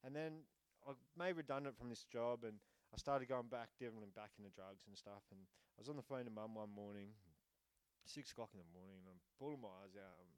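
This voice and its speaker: A man's voice: on the low side, clean tone, dry recording, rough recording. Rambling man. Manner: rambling, full of fillers and "you know". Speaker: program resident giving testimony. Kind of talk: personal testimony speech. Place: speaking in front of an audience.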